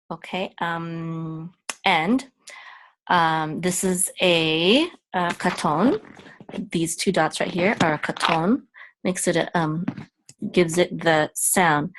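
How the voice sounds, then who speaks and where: Slow, low-voiced woman teaching letter by letter. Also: a bit bright. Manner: patient, halting with frequent ums and self-corrections. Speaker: Hebrew teacher. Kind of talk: step-by-step language lesson.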